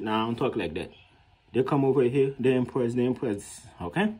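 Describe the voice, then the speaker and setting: A man with a husky, slightly rough voice talks to camera about his dating life. He is loose and slangy, laughing often and jumping up in pitch when he acts out what women said to him. His pitch sits in the middle for a man. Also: lively intonation, fairly quick, mellow. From Haiti. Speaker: vlogger. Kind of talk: casual storytelling to camera.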